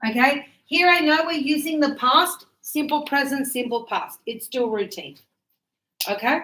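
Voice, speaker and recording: Woman, English teacher, high voice, patient and encouraging, classroom lesson, roomy echo. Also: measured pace, bright, forceful tone, a little hiss or hum. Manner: patient, encouraging explaining with examples. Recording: echoey classroom sound.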